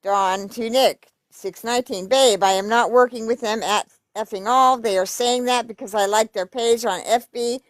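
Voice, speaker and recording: A woman's voice: on the high side, moderate pace, hardly any pauses, no echo. Woman, reads emails aloud, cuts in with blunt cursing asides, dry close sound. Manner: blunt, profane asides between readings. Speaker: YouTube commentator. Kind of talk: reading emails aloud with commentary.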